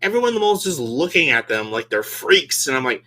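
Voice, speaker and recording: A man rants sarcastically about a movie, his voice bright and a little high. His pitch swings all over as he talks, studded with "like" and laughs. It is a casual comedic vlog delivery. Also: lively intonation, a little fast, hardly any pauses. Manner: sarcastic, fills speech with "like", laughs often. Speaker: movie reviewer vlogger.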